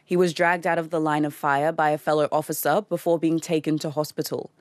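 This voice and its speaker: A reporter files a news story in a steady, formal manner. The voice sits at a middle pitch. The sound is close and dry. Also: brisk, dry recording.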